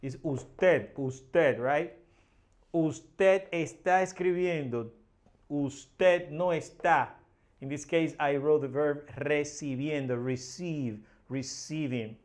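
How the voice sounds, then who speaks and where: A man, a Spanish native speaker, teaching a language lesson in English, explaining step by step and often repeating words and checking with "right?". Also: a little high.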